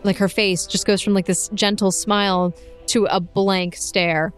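A woman narrating as game master of a tabletop game, lively and playful, often laughing. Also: medium pitch, measured pace, faint music behind.

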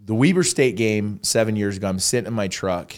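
A man telling stories as a podcast guest in a casual, animated, slangy way. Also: on the low side, a little fast. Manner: animated, slangy, acts out quotes. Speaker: podcast guest, real estate agent. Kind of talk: casual storytelling interview.

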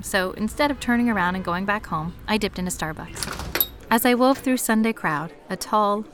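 A woman narrating a first-person romance story in an expressive, lively way. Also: medium pitch.

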